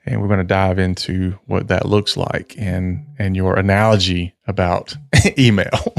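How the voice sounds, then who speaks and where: A man's voice: low-pitched, steady tone, a little slow, vocal fry. A man co-hosting a podcast in an easygoing, chatty way. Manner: easygoing, laughs often. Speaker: podcast co-host. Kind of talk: casual chat.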